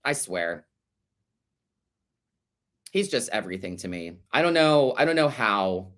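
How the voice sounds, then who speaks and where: A man's voice: fairly low pitch, sing-song, unhurried, a bit bright. A man hosting a live tarot podcast, answering listener letters in a sassy, profane way, calling listeners babe and honey and repeating his points for emphasis. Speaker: podcast host and tarot reader.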